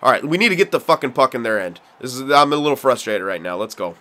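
A young man giving frustrated, excitable play-by-play commentary while playing a video game, swearing often. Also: medium pitch, quick pace. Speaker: gaming commentator.

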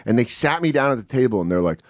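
A man in his forties chats as a comedian guest on a podcast, telling an anecdote and doing quick voices for each person in it. His voice sits mid-range but swings up and down with energy. The sound is dry and close, with no room behind it. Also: mid-range voice, no room sound. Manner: animated storyteller acting out other people's lines. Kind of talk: casual podcast chat. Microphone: studio podcast mic.

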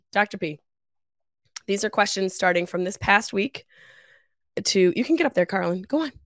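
With a head cold muffling her nose, a woman in her thirties runs her own podcast solo from her mother's home, speaking into a travel mic that has no pop filter. Her pitch is medium and her pace moderate as she spins lively, laugh-filled, curse-heavy stories. The recording is dry and studio quality.

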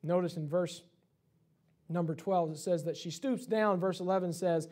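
A man's voice: sits high, moderate pace, dark tone. A young adult man preaching a church sermon, impassioned, with many restarts and repeated words. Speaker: pastor. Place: church sanctuary.

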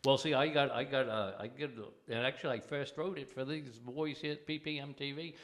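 Rambling older man, halting speech. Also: mid-range voice, fairly even intonation, fairly bright tone. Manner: rambling, halting, many restarts. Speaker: comedian guest. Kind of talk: casual comedy chat. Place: TV studio with live audience.

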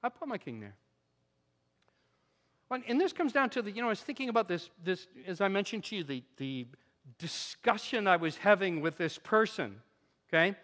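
A man with a high voice delivers a lively, conversational sermon, punching some phrases loudly and dropping others to near-murmurs. The sound carries a long reverb, as if from a church sanctuary. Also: brisk. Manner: animated, conversational preaching with sudden drops to quiet asides. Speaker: pastor.

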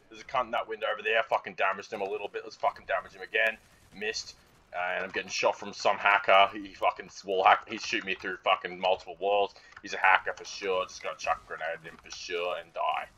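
A man's voice: lowish voice, pushed and bright, muffled recording. A man giving casual, profane, joking running commentary over his own gameplay. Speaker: gaming commentator.

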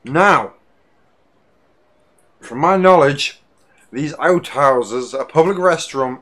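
A man commentating casually on a video game he plays, crude and jokey, swearing often and breaking into loud outbursts. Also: fairly high pitch, expressive, slow, long pauses. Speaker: let's play gamer.

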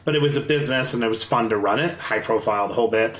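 A man in his forties talks candidly as a guest, telling stories in quick bursts full of restarts. His voice sits at an ordinary pitch. The recording is roomy, with noticeable echo. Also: a bit bright. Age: 40s. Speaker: guest, investor. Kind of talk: casual podcast interview.

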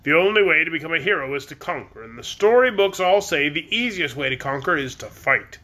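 A man's voice: fairly high pitch, expressive, brisk, sharp tone. A man voicing the lone private, an earnest soldier eager for war and glory, in a storybook reading. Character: fierce, eager young soldier craving war.

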